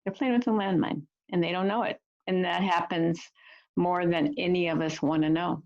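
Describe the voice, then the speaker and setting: Gentle earnest woman on a video call, kinda low and gravelly, muffled sound. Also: steady tone, moderate pace. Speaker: storyteller and teacher of refugee youth. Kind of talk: reflective storytelling talk.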